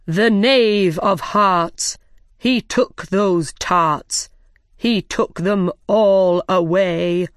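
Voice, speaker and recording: A woman's voice: medium pitch, no room sound, clean studio sound. A woman doing the White Rabbit, a fussy herald. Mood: proclaiming. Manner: loud, slow and declaiming.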